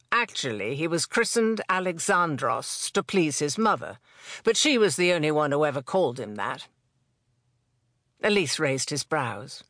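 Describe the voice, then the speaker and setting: Audiobook narrator, mid-pitched voice, measured delivery, dry close recording. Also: fairly bright tone, dry recording. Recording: dry close studio sound.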